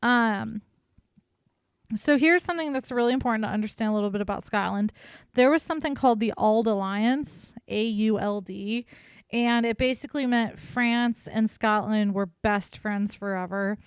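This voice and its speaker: On a podcast she co-hosts, a woman tells history irreverently and casually, cursing without restraint. Her voice sits on the high side, clear and resonant at a moderate pace, in clean, echo-free studio sound.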